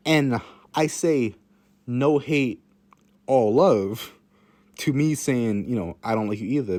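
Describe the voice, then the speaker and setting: A man's voice: on the low side, a little mellow. Man with a casual, rambling storytelling monologue, repeating lines and swearing.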